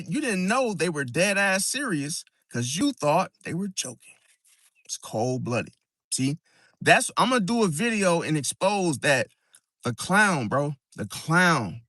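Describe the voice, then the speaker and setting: A man's voice: fairly high pitch, sharp tone, no echo, studio quality. A man hosting an astrology video, talking casually and emphatically, keeps asking "see?" and calling the listener "bro", often restarting and repeating words as he explains. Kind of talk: casual monologue to camera.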